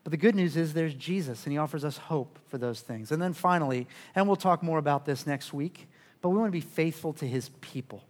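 Earnest pastor guy preaching, high voice, keeps stammering on first words. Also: a little fast. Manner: earnest, repeats words when starting sentences. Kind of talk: sermon.

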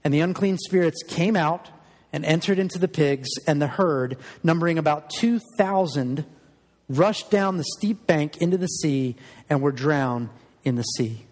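A man's voice: a little high, moderate pace, a little mellow, long reverb tail. A man preaching a sermon as a pastor, earnest and emphatic, often repeating words as he builds a point.

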